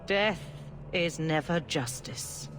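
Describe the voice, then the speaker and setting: A serene elderly church leader. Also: female voice, low-pitched, background noise. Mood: grave. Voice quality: calm, measured, sermonizing. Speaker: grand cleric. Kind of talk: video game voice acting.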